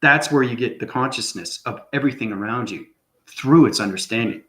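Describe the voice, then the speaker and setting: A man's voice: mid-range voice, fairly quick, fairly bright tone. Rambling man in an echoey room. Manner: rambling, repeats "okay?" often. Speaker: channel host. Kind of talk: unscripted spiritual monologue.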